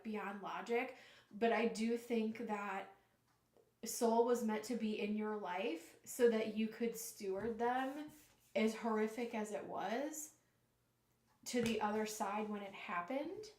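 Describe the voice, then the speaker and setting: A woman giving a live tarot reading, earnest and emotional, often halting and restarting. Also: mid-range voice, fairly even intonation, darkish tone, echoey room. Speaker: tarot reader.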